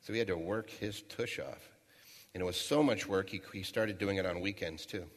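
A man's voice: sits low, normal speed. A middle-aged man giving a motivational talk in a large hall, telling a folksy story and asking the audience rhetorical questions. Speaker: motivational speaker. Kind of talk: storytelling keynote speech. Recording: long reverb of a large hall.

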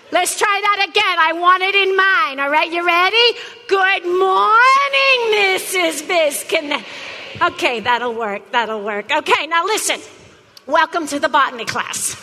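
A woman's voice: very high voice, bright, forceful tone, long reverb tail, slight background noise, heavily acted. An actress playing a pushy, brash botany teacher who teases her class in a comedy sketch. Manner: brassy, teasing, talks straight at a class. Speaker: comic actor playing a teacher.

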